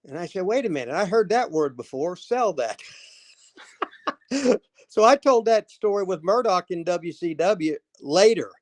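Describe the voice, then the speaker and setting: Older ex-wrestler guest, slightly high voice, rambling, laughing, salty. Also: male voice, expressive, normal speed. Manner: rambling, laughs often, swears. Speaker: former pro wrestler, guest. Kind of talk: casual storytelling chat.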